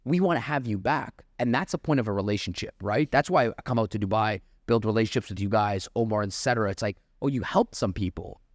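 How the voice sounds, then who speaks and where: A man, a sales trainer, talking fast and energetically in a casual podcast chat, full of "like" and restarts. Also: lowish voice, no echo, studio quality.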